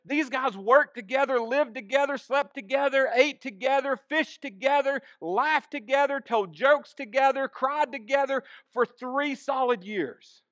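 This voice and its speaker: A man's voice: very high-pitched, a little slow, hardly any pauses, fairly bright tone, dry recording, studio quality. A man preaching a sermon, asking the congregation questions and repeating key phrases. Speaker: pastor.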